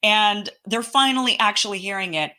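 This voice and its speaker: A woman's voice: mid-range voice, moderate pace, pushed and bright. A woman hosting a commentary show, reading out a court ruling and reacting with passion, at times emotional. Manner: impassioned, emphatic, gets emotional.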